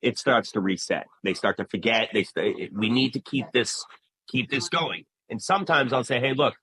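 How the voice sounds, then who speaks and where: Interview guest: a New England barber, lively storyteller, bright tense tone, dry close sound. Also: male voice, fairly low pitch, moderate pace, husky, dry recording, low-quality recording. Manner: animated storyteller, acts out quoted dialogue. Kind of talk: casual interview talk.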